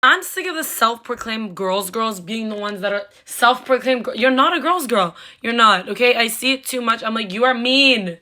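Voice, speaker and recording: A woman's voice: on the high side, expressive, moderate pace, hardly any pauses, pushed and bright. A young woman in her twenties talking casually and frankly to her phone camera, swearing and saying "like" a lot. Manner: chatty, frank, swears, lots of "like". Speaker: TikTok creator.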